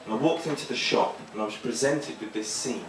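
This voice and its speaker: Rambling stand-up comic in an echoey club. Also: male voice, mid-range voice, brisk. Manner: rambling, self-deprecating, deadpan delivery. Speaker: stand-up comedian. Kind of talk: stand-up comedy set. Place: small comedy club stage. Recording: echoey club, mic heard from far, noisy.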